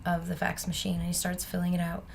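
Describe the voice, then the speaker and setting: A woman guest on a podcast, telling a personal story in an animated way and acting out the people in it. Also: lowish voice, fast, creaky, a little hiss or hum. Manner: animated, breaks into laughter, acts out the people in her story.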